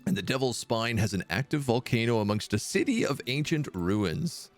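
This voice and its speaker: A man voicing a talkative male town mayor in a video game, speaking in a brisk, chatty, faintly disdainful way. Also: medium pitch, lively intonation, faint music behind, natural voice. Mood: informative.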